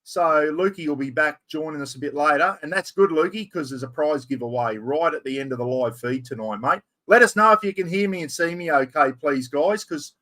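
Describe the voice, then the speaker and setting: Casual Australian bloke hosting a live chat, a touch higher-voiced, friendly slang-heavy delivery. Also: male voice, a little fast, hardly any pauses, pushed and bright. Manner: chatty, greets viewers by name, broad slang. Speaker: livestream host. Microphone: external microphone.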